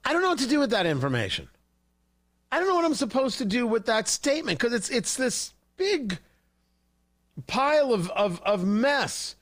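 A male commentary host comments on a livestream at normal speed, his high, lively voice leaping up and down. He rants with heated sarcasm, mocking and scolding.

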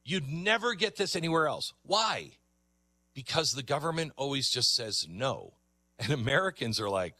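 A man's voice: normal speed, breathy edge, no room sound. A man hosting a reaction show, commenting emphatically on video clips he plays. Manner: animated, emphatic, jumps pitch when excited. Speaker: commentary host.

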